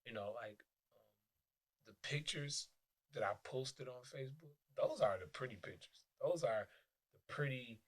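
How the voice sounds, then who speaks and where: Detroit guy, husky voice, cussing a lot and restarting, podcast guest chatting. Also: medium pitch, normal speed. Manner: profane, animated storytelling with many restarts. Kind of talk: casual interview chat.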